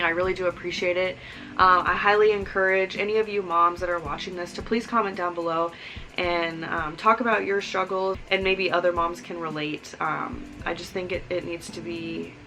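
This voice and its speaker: Earnest young mom vlogger, bright voice. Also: female voice, on the low side, low-quality recording. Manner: earnest, rambling with many "like"s and "um"s. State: emotional, near tears. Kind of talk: casual heartfelt vlog talk.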